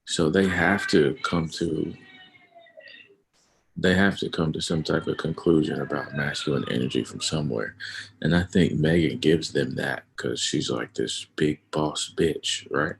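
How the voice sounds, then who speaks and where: A man hosting a livestream, talking casually and emphatically about his views and getting loud at times. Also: rumbling low, measured pace, vocal fry, a little hiss or hum. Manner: emphatic, rising to loud outbursts. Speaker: livestream host. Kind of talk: casual opinion chat on a livestream.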